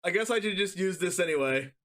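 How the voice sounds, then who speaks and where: A man streaming a card game, giving excited commentary full of loud exclamations and laughter. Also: high-pitched, quick pace.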